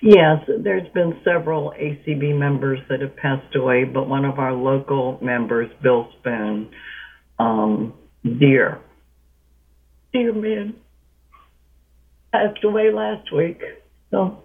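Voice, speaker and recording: A woman co-hosting a radio show, speaking in a slow halting way. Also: a bass voice, narrow, tinny audio. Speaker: co-host. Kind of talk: casual radio talk.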